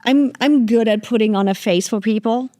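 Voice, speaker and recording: A woman's voice: a little high, normal speed, warm tone, dry recording, clean studio sound. A woman hosting a podcast interview, talking frankly and animatedly, swearing freely and acting out her own reactions. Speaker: podcast host. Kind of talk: candid conversational interview.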